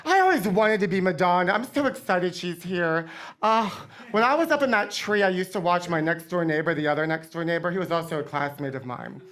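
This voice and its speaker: A middle-aged man hosting a comedy show, telling campy, gossipy stories to a live audience with deadpan punchlines. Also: high voice, brisk. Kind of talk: comic storytelling to a live audience.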